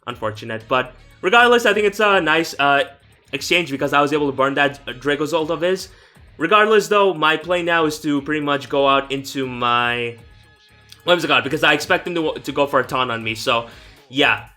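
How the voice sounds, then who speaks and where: A young gaming YouTuber gives casual live commentary on his own competitive match, rambling, restarting sentences and swearing now and then. His voice is bright, forceful, animated, a little fast, and slightly high for a man, with faint music underneath.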